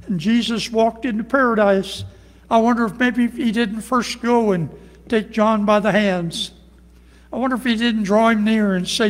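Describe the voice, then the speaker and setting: Folksy pastor preaching in a reverberant hall. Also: male voice, high-pitched, fairly bright tone. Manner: folksy, homespun storytelling with earnest emphasis. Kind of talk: evening worship sermon and closing prayer. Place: church sanctuary. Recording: long reverb of a large hall.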